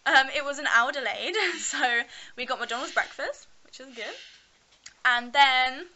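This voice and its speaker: A woman's voice: high voice, measured pace, bright, forceful tone, rough recording. A young woman chatting in a casual vlog, bubbly and giggly, filming herself at arm's length. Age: young adult. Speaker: vlogger.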